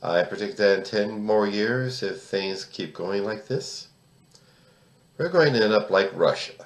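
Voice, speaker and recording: A man's voice: deep voice, reverberant. A man of about sixty, from the United States, giving political commentary in an emphatic, indignant way, often repeating words and restarting his sentences. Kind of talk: solo commentary to camera.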